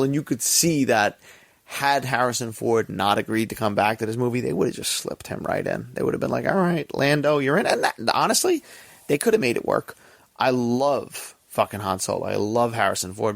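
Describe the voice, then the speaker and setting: A man's voice: medium pitch, gravelly, no room sound, clean studio sound. A man hosting a podcast, talking through a movie in rambling, profane, laid-back casual chat. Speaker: podcast host.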